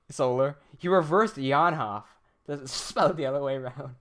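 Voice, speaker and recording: A young man chats casually on a livestream and reads comments aloud. He laughs often and swears freely. His pitch sits at an ordinary middle for a man. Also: moderate pace, a bit bright. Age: young adult. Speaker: livestreaming animator.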